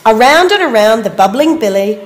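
A lively woman reads a picture book aloud to young children, her voice bouncing high and low and dropping in little asides. She sits in an echoey room. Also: a little fast, soft background music. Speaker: preschool teacher. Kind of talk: storybook read-aloud.

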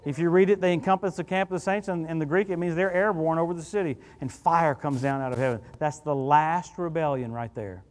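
Animated preacher in a reverberant church. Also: male voice, a little high, fairly quick, few pauses. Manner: storytelling, animated and conversational. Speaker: guest preacher. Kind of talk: sermon. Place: church sanctuary.

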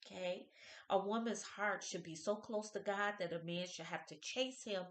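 Expressive woman in her fifties. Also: medium pitch, normal speed, roomy sound. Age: 50s. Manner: expressive, churchy, reads quotes then comments on them. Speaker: vlogger. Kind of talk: inspirational birthday vlog, reading quotes.

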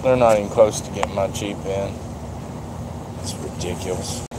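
A man's voice: deep voice, steady tone, moderate pace. A man rambling in a casual walkaround vlog at a car dealership lot, folksy and dropping the odd mild swear, recorded on a handheld phone. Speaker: vlogger. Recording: outdoor traffic noise behind.

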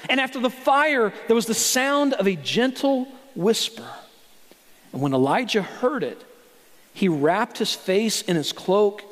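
A man preaching from the pulpit in a high voice, taking his time over each phrase. He turns dramatic when acting out quoted voices, with sudden jumps in pitch and pace. A long church reverb trails after him. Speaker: pastor. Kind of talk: sermon. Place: church sanctuary.

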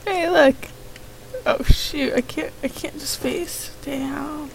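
Woman, let's play commentary, high voice, reads lines aloud, faint background hiss. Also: level tone, slow, vocal fry, low-quality recording. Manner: reads each character's lines in her own voice, reacts with exclamations. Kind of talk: reading game dialogue aloud with commentary.

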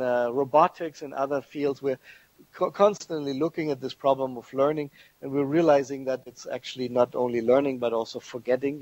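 Husky-voiced male lecturer. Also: medium pitch, a little mellow, dry recording, muffled recording. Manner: thoughtful, restarts words, explains step by step. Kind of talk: academic lecture.

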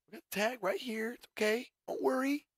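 A young man chatting casually and excitedly with his livestream chat, swearing often and breaking off to talk to people in the room. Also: high-pitched, quick pace, slightly rough, no room sound, studio quality. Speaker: streamer.

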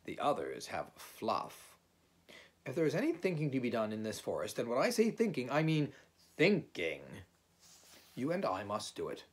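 A man's voice: medium pitch, huge pitch swings, normal speed. A man voicing a fussy, self-important male rabbit in a storybook reading. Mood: brisk. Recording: homemade audiobook reading.

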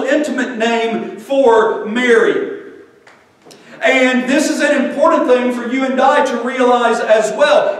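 A man delivers a sermon in a high voice, measured and earnest as he reads scripture. He stands away from the microphone, and the church hall around him rings with heavy echo. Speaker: preacher. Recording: echoey hall, far from the mic.

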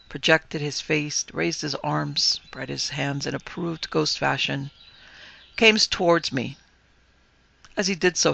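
A man who hosts a podcast, reading a ghost story aloud as dramatic narration with lively dialogue. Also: a little high, creaky, dry recording. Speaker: podcast host and story reader. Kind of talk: scripted narration.

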